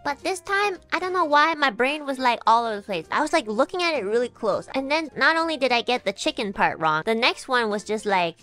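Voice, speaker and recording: Animated young woman streamer, high lively voice. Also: fairly quick, few pauses, soft background music. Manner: animated, laughs often, swears casually. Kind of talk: casual storytelling chat.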